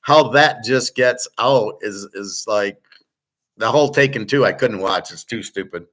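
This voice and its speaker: A man's voice: on the low side, unhurried, a bit bright. A man hosting a show, talking in a blunt, rambling way, with frequent restarts and swearing. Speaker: host. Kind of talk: casual rambling chat.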